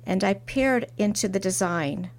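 A middle-aged woman, a porcelain artist, telling a reflective story in an interview with soft restarts. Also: mid-range voice, measured pace. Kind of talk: interview conversation.

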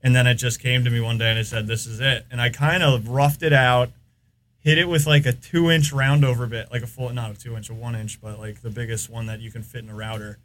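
A man's voice: medium pitch, level tone, a little fast, a bit bright. A man with an American accent, a podcast guest, telling long rambling stories in casual chat. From United States. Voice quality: rambling, filler-heavy storytelling.

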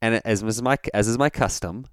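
A man hosting a podcast, telling a story casually with lots of fillers and animated asides. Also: fairly low pitch, brisk, dry recording, studio quality. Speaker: podcast host.

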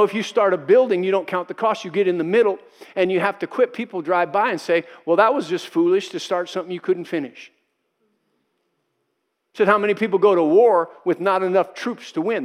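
High-voiced male pastor preaching emphatically. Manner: emphatic, repeats key phrases for effect; acts out quoted voices in his preaching. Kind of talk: sermon.

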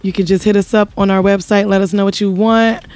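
A woman guest on a talk show, telling her story with lively acted-out quotes. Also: medium pitch, fairly quick, dry recording. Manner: animated storyteller, acts out quotes. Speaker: podcast guest, married singer. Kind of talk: casual conversation.

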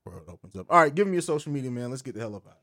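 A man's voice: medium pitch, expressive, very fast, fairly bright tone, dry recording, studio quality. A man hosting a podcast in casual chat, emphatic and loose, with some swearing. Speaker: podcast host.

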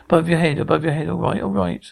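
An actor playing a brash man running a two-up game, calling loudly and pushing the crowd to bet. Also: a little high, steady tone, fast talker, creaky, husky, exaggerated voice. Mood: rowdy. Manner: loud, pushy crowd calling. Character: brash male two-up ringkeeper, adult. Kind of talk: drama dialogue.

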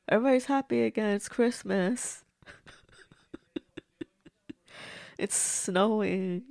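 A woman hosts a casual movie watch-along, gasping, exclaiming and talking back at the screen. Her voice has a gravelly, fry-tinged edge. The recording is dry and close, with no room sound. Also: medium pitch, slow, long pauses, a little mellow, no echo. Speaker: movie reviewer.

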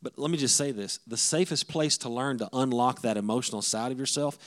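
A man's voice: mid-range voice, fairly quick. A middle-aged man, a pastor, giving a conversational sermon-style talk on marriage to the men, with frequent restarts.

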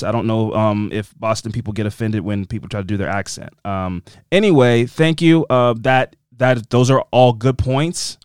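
A man hosting a podcast in casual chat, rambling and animated as he interrupts himself. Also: mid-range voice, smooth, no echo, studio quality. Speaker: podcast host.

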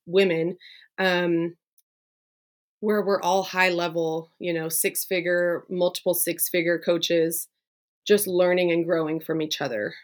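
A woman business coach, a podcast guest, talking casually and eagerly with lots of fillers. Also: fairly low pitch. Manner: chatty and enthusiastic, many "like" fillers. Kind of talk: casual conversational interview.

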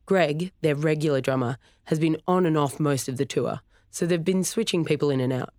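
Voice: mid-range voice, normal speed, a little mellow, dry recording, studio quality, lightly acted. A narrator voicing a laid-back young musician son who talks bluntly in slang in a storybook reading. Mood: casual.

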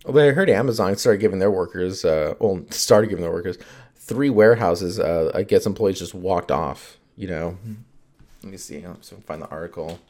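A man's voice: low-pitched, a little fast, a little mellow. A man hosting his own podcast, rambling in casual chat, full of fillers and swearing and laughing often.

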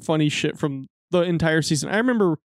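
A man's voice: on the high side, expressive, brisk, no echo, clean studio sound. A man co-hosting a podcast, telling stories in a casual, profane, laughing way. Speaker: podcast co-host. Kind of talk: casual chat.

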